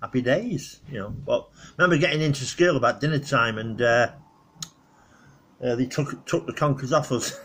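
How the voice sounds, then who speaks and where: A man's voice: medium pitch, moderate pace, fairly bright tone, a little hiss or hum. A middle-aged man, rambling casually through old memories on his vlog and laughing at his own stories. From northwest England. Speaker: vlogger.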